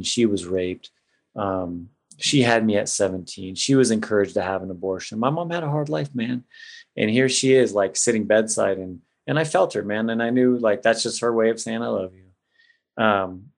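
Gravelly low-voiced guy on a podcast, talking about his past, says man and bro a lot. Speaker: podcast guest. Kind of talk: personal storytelling.

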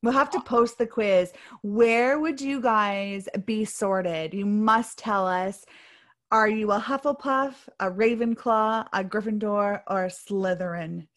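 An easygoing woman co-hosts a podcast in a loose, chatty way. Her talk is animated and quick to laugh, and it stays relaxed and conversational throughout. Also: a little high. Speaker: podcast co-host. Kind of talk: casual chat.

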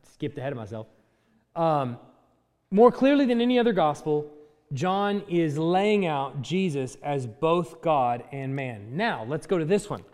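Man, Bible teacher, conversational, self-correcting, fillers, lively up-and-down pitch, long hall echo. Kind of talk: Bible class teaching with slides.

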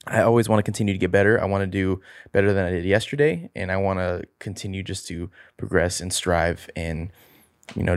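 A man's voice: lowish voice, no room sound, clean studio sound. A man co-hosting a faith podcast, talking in a blunt, candid and self-deprecating way. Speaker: podcast co-host.

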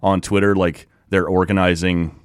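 A man's voice: sits low, moderate pace, clear, resonant tone, dry recording, studio quality. A Canadian man in his thirties hosting a casual podcast, telling stories in a chatty way. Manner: chatty storyteller, animated when quoting others. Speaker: podcast host.

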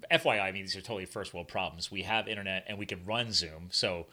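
A man hosting a casual podcast over a video call, animated and playful, leaping into high voices when he quotes people. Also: fast. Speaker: podcast host.

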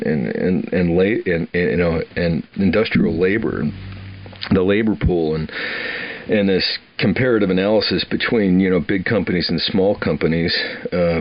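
Low-voiced older man, rambling storyteller. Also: highs cut off. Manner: rambling, repeats words, chuckles often. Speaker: podcast guest telling his life story. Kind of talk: casual storytelling.

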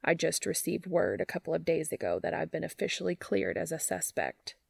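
A woman's voice: fairly low pitch, big pitch swings, brisk, vocal fry, darkish tone, husky, no room sound, heavily acted. A woman voicing a weary, polite male café manager who keeps his tension restrained and his words clipped in an audiobook-style reading.

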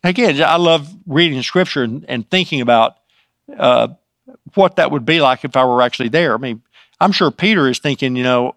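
A man's voice: mid-range voice, normal speed, fairly bright tone, no echo, studio quality. A man teaching from the Bible in an informal way. He adds his own asides as he retells scripture.

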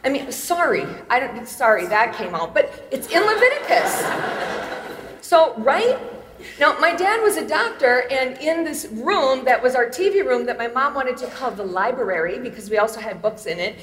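A woman's voice: high voice, sing-song, moderate pace, a bit bright. A woman in her fifties giving a chapel talk, chatty and self-deprecating, laughing often as she tells personal stories. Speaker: chapel speaker. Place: large hall. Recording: echoey hall with long reverb.

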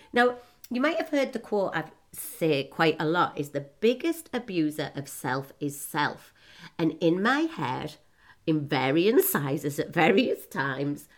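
A woman in her forties giving a chatty, self-mocking personal talk to her audience, laughing often and breaking into quick asides. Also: deep voice, sing-song. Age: 40s. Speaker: motivational speaker.

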